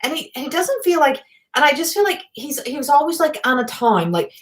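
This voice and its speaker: Excitable high-voiced woman medium. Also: brisk. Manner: rambling, excitable, swears freely. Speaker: psychic medium. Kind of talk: live channeled reading.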